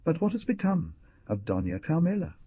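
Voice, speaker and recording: A man's voice: on the high side, very animated, normal speed, breathy edge, no room sound, highs cut off, voice pushed up. A man voicing a proud, fiery young outlaw leader who speaks in passionate, indignant outbursts, read in an audiobook. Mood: impassioned.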